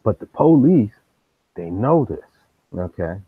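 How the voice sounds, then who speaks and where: A man's voice: on the low side, sing-song, takes it slowly, slightly rough, no room sound. A man hosting a live stream, telling street stories casually in slang and acting out the people he quotes. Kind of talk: casual storytelling. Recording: tinny phone-like dry sound.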